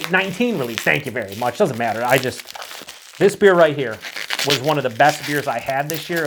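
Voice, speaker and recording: An enthusiastic man chats at a mid pitch as he unboxes beer, rambling and thinking aloud. A faint hiss sits under his voice, with packaging crinkling now and then. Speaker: beer reviewer. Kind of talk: casual unboxing chat.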